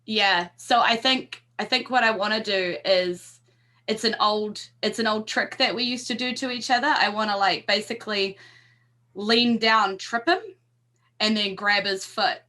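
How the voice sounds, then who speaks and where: A woman's voice: medium pitch, fairly even intonation, a little slow, pushed and bright. A woman playing a tabletop game, chatting loosely and describing her character's moves. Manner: chatty, hedging with fillers. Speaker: player. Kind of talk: casual tabletop game play.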